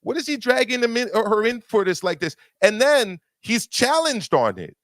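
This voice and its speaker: A man's voice: very high-pitched, sing-song, moderate pace, fairly bright tone, no echo, studio quality. A man on a boxing debate panel making his case emphatically. He repeats himself as he presses each point.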